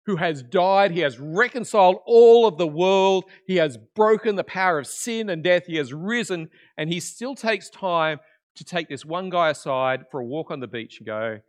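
A man preaching a conversational sermon in church, swinging between loud emphasis and quiet, intimate asides. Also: sits high, animated, normal speed. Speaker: pastor.

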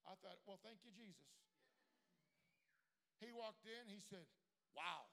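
Gravelly high-voiced preacher. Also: male voice, lively intonation, slow pace. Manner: swings from quiet storytelling to shouted preaching. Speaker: pastor. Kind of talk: sermon.

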